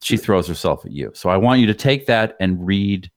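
Low, animated male co-host, dry mic, stammery mock director. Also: normal speed, no room sound. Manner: stammering, animated, over the top. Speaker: podcast co-host. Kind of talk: mock director giving notes.

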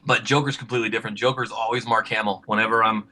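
Male comic writer, casual rambling podcast guest, fast and bright. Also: lowish voice, steady tone. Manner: rambling, laughs often, acts out quotes.

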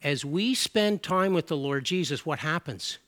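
A man's voice: fairly high pitch, lively intonation, measured pace, a bit bright. A middle-aged man from Canada preaching a sermon in an earnest, conversational way, with asides and self-corrections.

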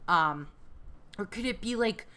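A woman co-hosting a podcast, recapping a reality show in a jokey, animated way with lots of asides. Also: mid-range voice, measured pace. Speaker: podcast co-host.

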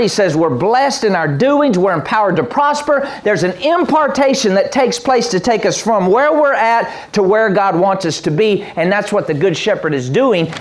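A man preaching a sermon as pastor, animated, acting out voices with the congregation answering. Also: sits high. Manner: animated, acts out voices and sheep bleats. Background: congregation responses.

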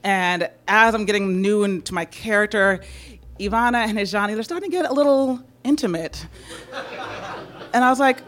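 A woman of middle pitch tells a personal story with plenty of energy. She is from San Francisco, laughs often, and slips into quick voices for the people she quotes. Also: fairly bright tone. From San Francisco, United States.

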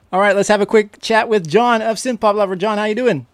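A man's voice: high voice, no room sound. Dry-sounding, upbeat quiz host man. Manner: upbeat, laughs often while reading questions. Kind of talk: casual podcast quiz and interview.

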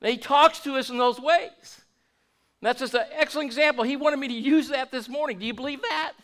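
A man's voice: very high-pitched, steady tone, a little fast, a bit bright. A man preaching a sermon to his congregation in a folksy way, restarting words and asking the room questions. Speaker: pastor.

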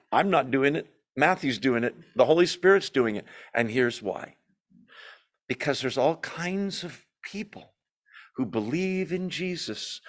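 A man leading a Bible study, teaching emphatically with rhetorical questions and dramatic pauses, speaking. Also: a little high. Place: church.

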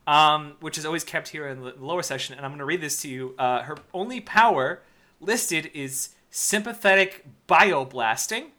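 A young man co-hosts a podcast with loose, jokey banter about a movie. His voice is bright and sits a little high, and he laughs easily and swears freely. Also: moderate pace. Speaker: podcast co-host. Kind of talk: casual movie-review banter.

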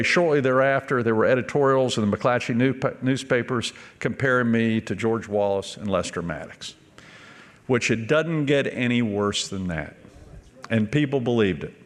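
A former governor giving an earnest, emphatic speech, telling a story to an audience. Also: male voice, mid-range voice, moderate pace. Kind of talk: public speech. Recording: long reverb of a large hall.

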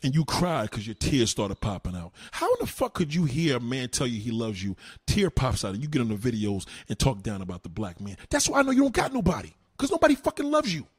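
A man's voice: mid-range voice, sing-song, fast talker, hardly any pauses, breathy edge, dry recording, clean studio sound. A man doing a heated, mocking, heavily profane rant on his live stream. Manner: heated, mocking, swears constantly.

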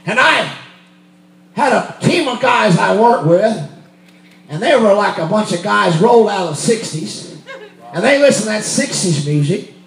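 A man preaching a testimony sermon, telling a story and building to shouts. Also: high voice, animated, unhurried, vocal fry, reverberant, a little hiss or hum. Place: church sanctuary.

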